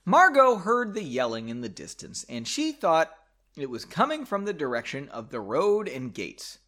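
A man's voice: a little high, wildly swooping pitch, normal speed, pushed and bright. A man reading his own novel aloud, stopping to make self-mocking comments on his writing. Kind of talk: reading aloud with chatty asides.

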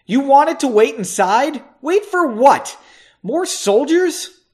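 A man's voice: high-pitched, sing-song, unhurried, pitched above the performer's own voice. A man voicing a frustrated young woman who argues in a raised, heated voice and then pleads with her lover. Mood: angry.

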